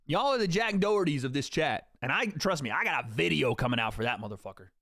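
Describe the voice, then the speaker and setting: A man's voice: a little high, lively intonation, fast, a bit bright, no echo, clean studio sound. A young man hosting a livestream, joking and swearing casually as he talks to his chat. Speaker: streamer host.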